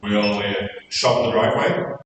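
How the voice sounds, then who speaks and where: A grumpy, practical old loner, as a storyteller puts him on, fires off blunt, curt questions. His low voice echoes in a long church reverb. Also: steady tone, normal speed, far from the mic, lightly acted. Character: grumpy, practical lonely man on a lawn chair.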